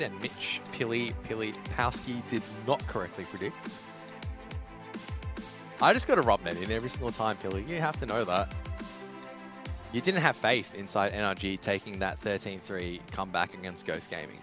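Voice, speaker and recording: A man calling an esports match in a lowish voice that leaps up whenever a big play lands. He teases his co-caster between rounds, with music running clearly underneath. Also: moderate pace. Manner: excitable, bursts up in pitch on big plays, teasing. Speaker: esports commentator.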